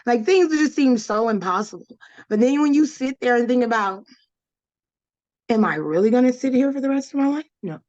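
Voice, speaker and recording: A woman talking as a guest in a relaxed conversation, chatty and full of casual fillers. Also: on the high side, moderate pace, no room sound, lo-fi sound. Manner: chatty, full of "like" and "you know".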